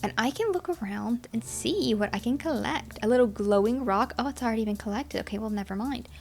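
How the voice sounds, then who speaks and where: A woman's voice: on the high side, brisk, vocal fry. Chatty young woman narrating gameplay. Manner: chatty, excitable, talks to her game characters. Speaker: gaming channel host. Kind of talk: casual gameplay commentary.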